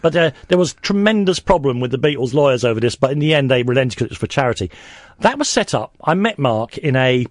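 A man's voice: medium pitch, very animated, quick pace, dry recording. Guy rambling thru a story on radio, bouncy voice, dead dry studio sound. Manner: rambling anecdotes with many restarts. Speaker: radio guest. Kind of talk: storytelling chat on late-night radio.

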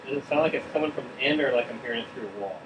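A man's voice: medium pitch, racing, distant mic. A man playing in a tabletop game, casual and joking, recorded away from the mic with air-conditioner hum. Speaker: player.

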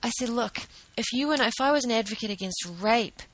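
A woman's voice: a little high, a little fast, fairly bright tone, dry recording, poor audio. A woman advocate speaking earnestly and urgently about justice, often restarting her sentences. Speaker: vegan advocate. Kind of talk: impassioned talk to camera.

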